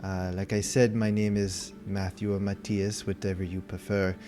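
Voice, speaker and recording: A man's voice: low-pitched, little pitch movement, moderate pace, natural voice. A man voicing a polite, formal elderly male merchant in green robes, with music behind. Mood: courteous.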